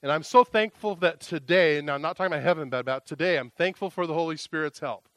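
Male pastor, sermon delivery, emotional and earnest, swings from loud exclaiming to quiet confession, slightly high voice, dry close sound. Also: fast talker, no echo.

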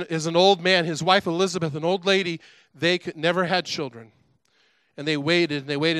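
Animated middle-aged preacher, bright voice. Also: male voice, on the high side, smooth, dry recording. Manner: animated storytelling with chatty asides. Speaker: pastor. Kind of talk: sermon.

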